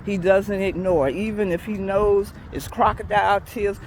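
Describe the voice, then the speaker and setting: A woman's voice: medium pitch, steady tone, measured pace, a little mellow, slight background noise, poor audio. Folksy woman teaching on a walk. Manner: folksy storytelling, chuckling often. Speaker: church school teacher. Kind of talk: devotional talk while walking. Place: outdoors on a morning walk.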